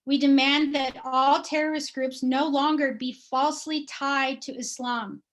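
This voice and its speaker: A woman with a high voice reads a prepared activist statement aloud. She speaks in an emphatic, declarative way, and each demand lands firmly and evenly. Her high pitch carries the measured, resolute lines. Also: steady tone, a bit bright.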